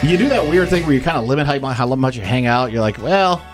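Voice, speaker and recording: An American man co-hosting a casual podcast, wisecracking and acting out quick voices of other people. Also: mid-range voice, animated, faint music behind. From United States. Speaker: podcast co-host.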